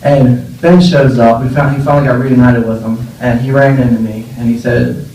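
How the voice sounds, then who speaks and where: With a dark, medium-pitched voice that barely moves in pitch, a young man speaks at a normal pace during an informal memorial speech. He rambles through affectionate anecdotes, laughing and using many fillers. The sound is echoey and distant with faint noise.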